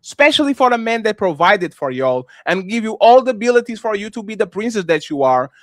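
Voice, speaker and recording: A man with a fairly high voice hosts a heated panel debate on a dry, close mic. He talks with a lot of energy, repeats himself and presses the same questions hard. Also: a little fast, no room sound. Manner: animated, repetitive, pressing questions. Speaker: host.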